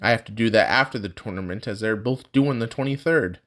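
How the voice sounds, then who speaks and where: A man's voice: lowish voice, fast, fairly bright tone, natural voice. Man doing a bitter, brooding young man, student, plain voice. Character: angry young male student, bitter and tense.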